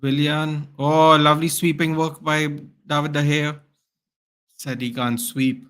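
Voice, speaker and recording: A man's voice: fairly high pitch, flat delivery, measured pace, a bit bright, clean tone. A man hosting a live football watchalong, calling the play as a partisan fan and chatting with viewers. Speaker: watchalong host.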